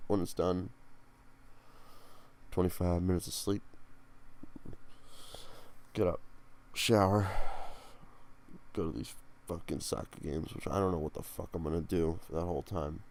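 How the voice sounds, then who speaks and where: A young man from Pennsylvania rambles through a solo podcast, cursing freely. His voice sits very low with a gravelly, dark edge. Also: fairly even intonation, moderate pace. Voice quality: profane, rambling, grumbling. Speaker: podcast host. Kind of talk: casual solo podcast monologue.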